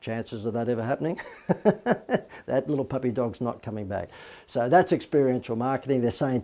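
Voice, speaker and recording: A man's voice: medium pitch, brisk, mellow. A man teaching a business marketing lesson as a coach, talking in a chatty, informal way with many fillers and asides.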